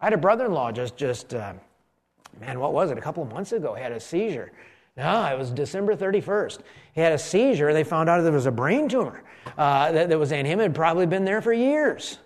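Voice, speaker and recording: A middle-aged man, a pastor, preaching a conversational sermon, slowing down for emphasis and having the congregation repeat lines with him. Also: on the high side, big pitch swings.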